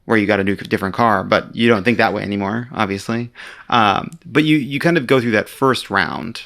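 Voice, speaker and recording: A man's voice: fairly low pitch, a little fast, a bit bright. A man in his forties hosting a podcast interview, talking in a playful, rambling, joking way. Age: 40s. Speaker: podcast host. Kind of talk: conversational interview.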